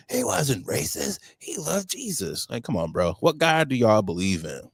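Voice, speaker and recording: A blunt, profane man co-hosts a casual podcast. His voice sits very low and crackles with gravel, and the sound is dry and close. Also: no room sound. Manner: blunt, profane storytelling with mocking put-on voices. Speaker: podcast co-host.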